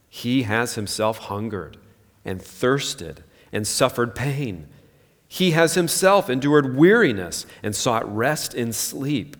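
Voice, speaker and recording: A pastor in his thirties giving an earnest, conversational sermon full of rhetorical questions. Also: medium pitch. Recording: long hall reverb.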